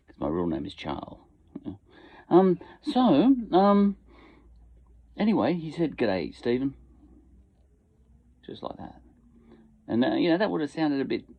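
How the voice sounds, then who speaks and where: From his home shed, this Australian podcaster talks in a lowish, creaky voice, drifting along with fillers and side remarks. The sound is lo-fi and tinny, much like a phone.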